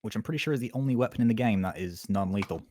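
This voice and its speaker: A man with a low voice, talking through his character in a casual tabletop session. He is on a home mic during a voice call, and keyboard clicks can be heard behind him. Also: rapid-fire, warm tone, no room sound, studio quality. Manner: plays a character with a put-on accent, hesitant about it. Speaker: player. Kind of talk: casual tabletop game chat.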